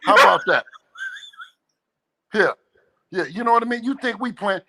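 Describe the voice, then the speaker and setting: A man's voice: high-pitched, moderate pace, creaky. A man calling into a livestream, talking casually and playfully, often laughing. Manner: animated, laughing, playful trash talk. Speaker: call-in guest. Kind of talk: casual phone call on a livestream.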